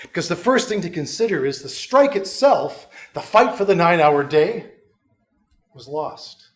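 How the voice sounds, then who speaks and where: Middle-aged male professor, lecturing casually with dry jokes; voice sits a bit high. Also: big pitch swings, a little slow. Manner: conversational, wry and self-mocking asides. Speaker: history professor, guest lecturer. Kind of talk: lecture to a union school.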